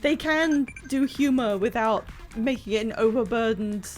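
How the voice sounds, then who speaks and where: A woman's voice: a little high, normal speed, darkish tone. A woman streaming a game, reading dialogue aloud and giving wry, chatty commentary. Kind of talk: casual live playthrough commentary. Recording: game music playing faintly.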